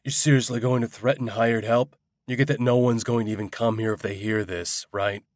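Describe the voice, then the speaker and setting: A man's voice: medium pitch, steady tone, brisk, dry recording, studio quality, lightly acted. A man voicing a blunt, hard-nosed female carpenter who demands money.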